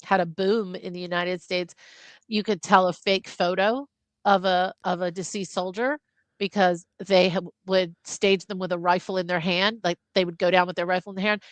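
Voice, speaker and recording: A woman's voice: fairly low pitch, flat delivery, moderate pace, dry recording. A woman co-hosting a casual film chat, explaining things in a matter-of-fact way. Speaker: podcast co-host.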